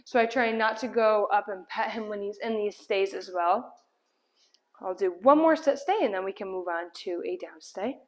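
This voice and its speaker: A woman's voice: medium pitch, normal speed. A woman dog trainer explaining a puppy's sit and down stays while giving him firm commands indoors. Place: indoor room at home.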